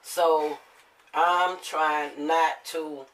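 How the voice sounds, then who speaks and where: A woman, a mother, telling family stories to viewers in a casual, animated way and acting out the quotes with feeling. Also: deep voice, drawn-out words, far from the mic, poor audio.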